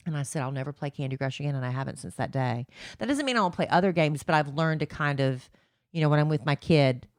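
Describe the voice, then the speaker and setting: A woman's voice: sits low, lively intonation, fast, dry recording, clean studio sound. A woman co-hosting a podcast, talking candidly and chattily, a self-deprecating and tired-sounding speaker. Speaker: podcast co-host. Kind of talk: casual chat.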